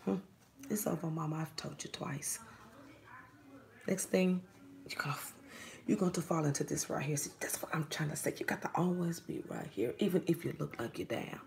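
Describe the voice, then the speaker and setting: Low, gravelly woman giving a spiritual reading. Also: normal speed, a little mellow. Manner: preachy, slipping into whispers; talks straight to a listener. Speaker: psychic reader.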